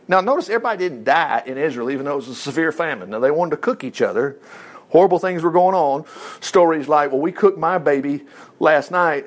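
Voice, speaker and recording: A man, preaching a sermon as a pastor in a folksy, animated way, jumping between loud exclamations and quiet asides. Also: fairly high pitch.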